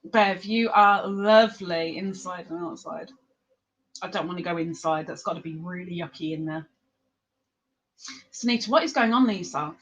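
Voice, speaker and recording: An Englishwoman with a non-London English accent hosts a crochet livestream, reading the chat, greeting viewers by name in casual conversation, and laughing often. Her voice sits on the low side at a normal speed, with long pauses, and the audio sounds dull.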